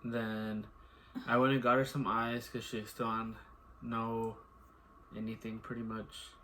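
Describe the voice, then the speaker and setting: A man's voice: lowish voice, little pitch movement, measured pace, bright, forceful tone, slight background noise. A man, a new father, chatting casually, rambling and repeating filler words. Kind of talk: casual chat.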